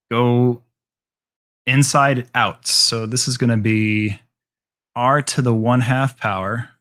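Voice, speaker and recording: A man's voice: medium pitch, fairly bright tone. A man teaching a math class, explaining steps casually with frequent ums and restarts. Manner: casual, filler-heavy explaining with frequent ums and all rights. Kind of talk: classroom lecture.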